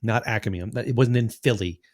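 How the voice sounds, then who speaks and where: A man's voice: on the low side, a little fast. A man in his sixties, a podcast host, telling long, profane stories in casual chat and acting out the lines of people in them. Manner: rambling, profane storytelling with acted-out quotes.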